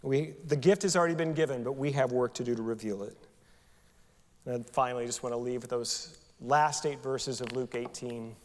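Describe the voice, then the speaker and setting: A man's voice: mid-range voice, moderate pace, big-room sound. A male pastor preaching a sermon in a conversational style, often asking the congregation rhetorical questions. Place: church sanctuary.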